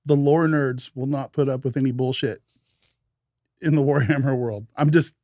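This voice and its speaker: A man's voice: medium pitch, steady tone, moderate pace, warm tone, no room sound, clean studio sound. A man co-hosting a gaming podcast, talking casually, joking and swearing freely. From United States. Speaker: podcast co-host. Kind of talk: casual chat.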